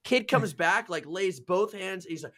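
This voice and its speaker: Young male podcast host, animated profane storyteller, higher-pitched, dry close-miked. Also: unhurried, no room sound. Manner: animated, profane, gets loud at punchlines. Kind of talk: casual storytelling chat.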